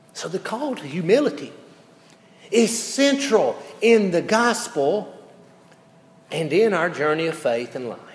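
A male pastor preaching a sermon, telling folksy stories and swinging between loud lines and hushed ones. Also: a little high. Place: church sanctuary. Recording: echoey church hall reverb.

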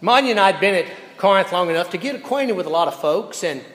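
Folksy preacher in echoey hall. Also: male voice, high-pitched, expressive, fast. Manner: folksy storytelling, swinging from loud to hushed. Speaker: pastor. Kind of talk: sermon. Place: church sanctuary. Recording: echoey church hall reverb.

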